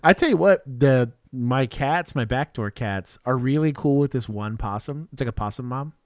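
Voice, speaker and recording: Animated, laughing former cop chatting. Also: male voice, medium pitch, moderate pace, no room sound, studio quality. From Texas. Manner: chatty, laughing, rambling anecdotes. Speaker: co-host, former police officer. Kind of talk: casual chat reacting to bodycam clips.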